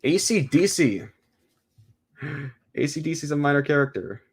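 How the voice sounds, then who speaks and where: A man streaming a casual script read-through, excitable and exclaiming at his own slips. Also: fairly high pitch, normal speed, noisy background. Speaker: streamer reading a film script aloud.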